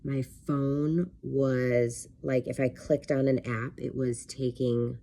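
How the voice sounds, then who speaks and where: A woman's voice: a bass voice, level tone, slow pace, gravelly, warm tone, slight background noise. A woman who works as a life coach, telling a personal story in a candid, rambling vlog style with plenty of fillers. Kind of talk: casual talking-to-camera vlog.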